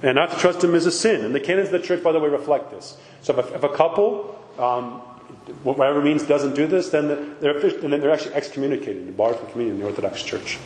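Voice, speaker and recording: A man's voice: fairly high pitch, fast, darkish tone. A male priest preaching in a loose, conversational way, leaning hard on his points and throwing rhetorical questions at the room. His voice rings through a hall with a long reverb. A faint hum of ambience sits under it. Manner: emphatic, with frequent rhetorical questions. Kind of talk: conversational sermon. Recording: echoey hall with faint background noise.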